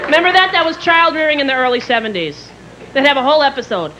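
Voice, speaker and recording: A woman in her thirties, a stand-up comedian telling quick, animated stories with jingles and shrill impressions on a theater stage. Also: dull audio. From New York area. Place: theater stage before a live audience. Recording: live stage mic with loud audience and hall noise.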